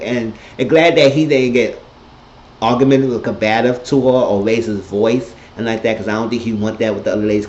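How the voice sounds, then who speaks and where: A man recapping a TV episode in a casual monologue, blunt and profane, telling it with animated energy. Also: fairly low pitch, slight background noise. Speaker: TV episode reviewer. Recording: echoey, dull lo-fi room sound.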